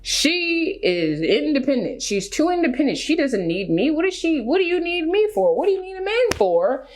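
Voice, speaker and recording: A woman vlogger offers casual reaction commentary in an emphatic, animated way, peppering it with rhetorical questions. Her voice sits high and she talks at a normal speed.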